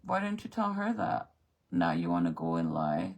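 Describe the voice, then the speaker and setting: A woman's voice: extremely low pitch, wildly swooping pitch, moderate pace, vocal fry, rough recording. A middle-aged woman venting to her viewers in a profane, exasperated rant. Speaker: vlogger. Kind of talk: angry rant to camera.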